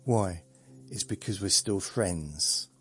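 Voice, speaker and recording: A man's voice: deep voice, slow pace, breathy edge, soft background music. A man hosting a podcast in a chatty, rambling, self-mocking monologue. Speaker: podcast host.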